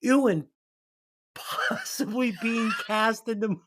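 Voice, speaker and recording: A man's voice: extremely high pitch, takes it slowly, a bit bright. A man hosting a casual movie-review podcast, reading out segments in a loose, jokey way and tripping over his own words. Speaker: podcast host.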